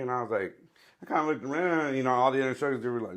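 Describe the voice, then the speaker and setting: A man's voice: mid-range voice, fast. A man in his thirties, a military veteran guest, telling stories casually with slang, cursing and laughter. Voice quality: gravelly. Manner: slangy, profane, laughs often. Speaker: podcast guest, Marine veteran and barber. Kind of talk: casual storytelling.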